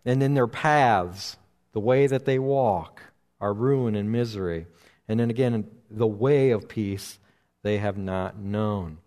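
A man teaching through a Bible passage verse by verse, speaking slowly and deliberately with frequent pauses and restarts. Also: on the low side, a little mellow. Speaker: preacher.

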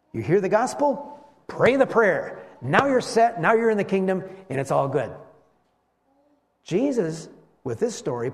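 A man delivers a sermon with a lively, high-pitched voice that swoops up and down. He often slows almost to a halt to stress single words. The sound carries a long reverberant hall tail. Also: gravelly. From West Michigan. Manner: animated preaching, slows for emphasis. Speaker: pastor.

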